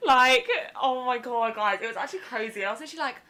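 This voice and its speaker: A woman's voice: fairly high pitch, fast talker, sharp tone. A young British woman hosting a casual podcast chat, chatty and giggly, a little tipsy. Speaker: podcast host.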